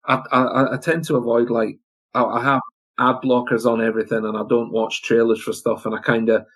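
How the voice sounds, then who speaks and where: British male guest, husky, excitable, stumbling restarts in casual chat. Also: medium pitch, a little fast. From Britain. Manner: excitable, stammers and repeats words. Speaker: podcast guest.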